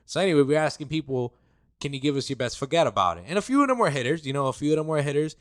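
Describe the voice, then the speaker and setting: A man's voice: a little high, lively intonation, very fast, no room sound, studio quality. A man hosting a podcast in a laid-back, rambling way. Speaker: podcast host. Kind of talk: casual podcast chat.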